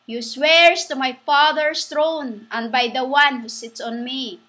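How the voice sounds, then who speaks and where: High, bright-voiced woman preaching slowly. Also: steady tone. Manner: halting, restarts, spells words out letter by letter. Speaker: self-styled preacher. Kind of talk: rambling religious monologue.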